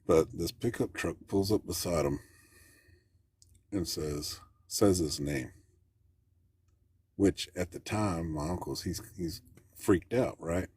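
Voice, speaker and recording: A man's voice: low-pitched, slow pace, long pauses, a little mellow, slightly rough. A man calling in to tell a story, talking in a plainspoken, rambling way with folksy grammar. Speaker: caller. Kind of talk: casual storytelling.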